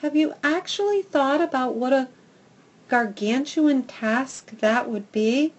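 Woman doing a gentle motherly female dog. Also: high voice, slow, highs cut off, voice pushed up. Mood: kind. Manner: soft, sympathetic.

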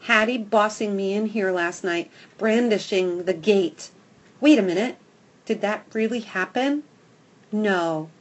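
A woman reads a first-person children's audiobook aloud. She tells it with expressive, dramatic storytelling, pitched at a middling level for a woman. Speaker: audiobook narrator.

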